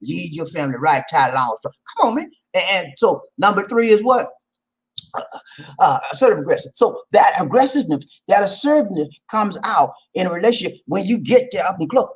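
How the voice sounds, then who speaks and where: A man hosting a casual advice talk, animated and preachy, with slang and loud laughs at his own jokes. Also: high-pitched, low-quality recording. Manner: slangy, repeats "man" and "okay". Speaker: vlog host.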